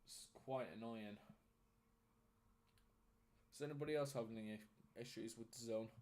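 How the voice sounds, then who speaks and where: A man's voice: mid-range voice, normal speed. A young man streaming, reading out football scores and chatting with viewers as he commentates on a match. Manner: reels off scores in a flat list, chatty with viewers. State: out of breath. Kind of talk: casual live-stream chat and commentary.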